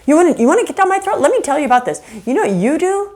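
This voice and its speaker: Heated defensive spouse lashing back, played by a woman, fast and mocking. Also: mid-range voice, sing-song, lightly acted. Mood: defensive, angry.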